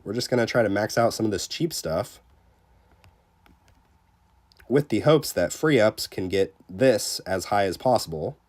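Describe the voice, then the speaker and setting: Fighting a cold, a game streamer with a deep, low voice reads chat and talks casually to his livestream viewers, sounding congested and under the weather. He rambles in a relaxed, unhurried way, full of fillers, and pauses often.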